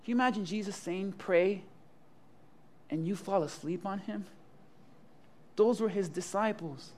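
A man's voice: sits high, moderate pace. A man preaching a sermon, reading scripture and acting out the scenes in casual, playful voices. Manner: animated, acts out Bible scenes in casual voices, laughs often.

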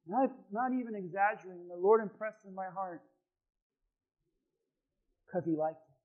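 A male pastor with a strikingly high voice delivers an impassioned sermon. He drops to near-hushed asides, then rises into shouted, repeated refrains. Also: moderate pace, phone-quality sound.

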